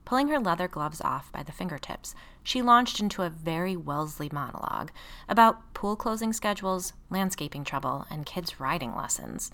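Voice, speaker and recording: A woman reading a first-person story aloud in a wry, expressive way, casually profane. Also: lowish voice, normal speed. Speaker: audiobook narrator.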